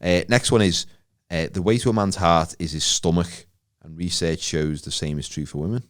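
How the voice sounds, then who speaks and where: A man's voice: deep voice, fairly even intonation, moderate pace. A man, co-hosting a podcast, reading out facts and joking about them. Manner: joking, reads facts then riffs. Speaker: podcast co-host. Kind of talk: casual chat, reading facts.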